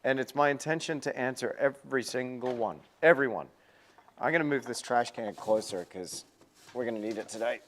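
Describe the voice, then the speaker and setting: A man's voice: medium pitch, fairly quick, a little hiss or hum. A man hosting a casual painting livestream, chatty and upbeat, often repeating words, with a self-deprecating manner.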